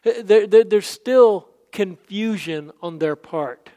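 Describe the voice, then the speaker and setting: A man's voice: high voice, slow pace, mellow. A man preaching a casual, conversational sermon, acting out Bible scenes in quoted voices. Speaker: pastor.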